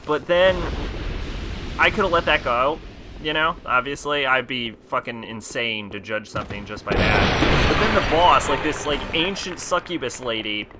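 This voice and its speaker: A man's voice: medium pitch, measured pace, background noise. A man streaming and chatting casually, rambling with lots of fillers and laughing easily.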